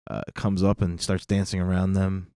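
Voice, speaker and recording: A man's voice: sits low, normal speed, clear, resonant tone, no room sound, studio quality. A man, a guest on a podcast, casually telling a joke with lots of laughter and acted-out voices. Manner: animated, laughing, acts out voices.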